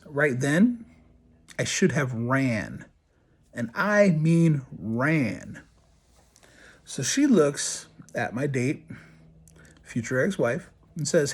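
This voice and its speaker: Husky man telling a crude story. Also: medium pitch, extremely slow, pauses often. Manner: crude, animated storyteller who swears and acts out quotes. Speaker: podcast host, body piercer. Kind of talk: casual storytelling.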